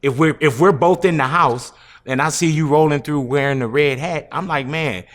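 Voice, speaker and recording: A man's voice: on the high side, moderate pace, fairly bright tone. A man hosting an interview, asking probing questions and offering short agreements. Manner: probing, gives short backchannel replies. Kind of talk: casual interview.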